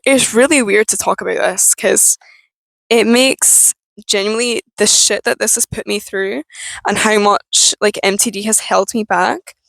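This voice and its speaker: A young woman with a Scottish accent, talking frankly and haltingly in a personal vlog. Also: mid-range voice, vocal fry, no echo, low-quality recording. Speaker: vlogger.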